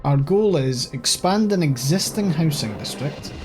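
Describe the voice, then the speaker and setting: A man's voice: on the high side, expressive, measured pace, a little mellow, faint music behind. A man with a Scottish accent giving casual let's-play commentary, thinking aloud and swearing offhandedly as he plays. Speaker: gaming channel host.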